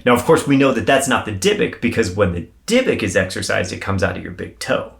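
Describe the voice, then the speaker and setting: A man co-hosting a podcast, telling a paranormal story in a casual, animated way and swearing freely. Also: fairly low pitch, fast, creaky. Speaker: podcast co-host.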